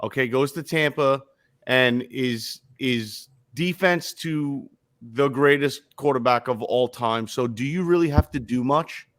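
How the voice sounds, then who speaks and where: A man's voice: mid-range voice, measured pace, fairly bright tone. A man co-hosting a casual sports podcast, blunt and profane, hammering his points with repeated phrases. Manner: blunt, profane, emphatic with frequent repetitions. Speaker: podcast co-host.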